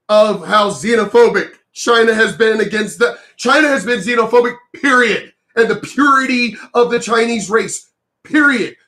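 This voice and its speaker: A man giving a heated, profane reaction commentary, hammering his points and sometimes shouting. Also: high-pitched.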